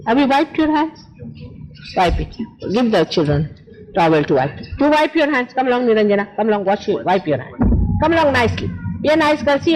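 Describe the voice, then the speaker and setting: Woman coaxing children with lively pitch. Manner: coaxing, repetitive, motherly urging of children. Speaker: spiritual teacher leading a ceremony. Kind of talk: informal instructions at a ritual gathering. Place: indoor ritual gathering. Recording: noisy live event recording.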